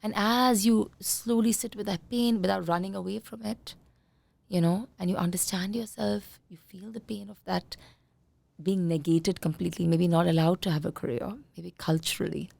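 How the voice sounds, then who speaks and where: A woman parenting coach being interviewed on a podcast, talking in a calm coaching tone and sometimes acting out what parents say. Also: mid-range voice, moderate pace, gravelly, dry recording. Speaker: conscious parenting coach, guest.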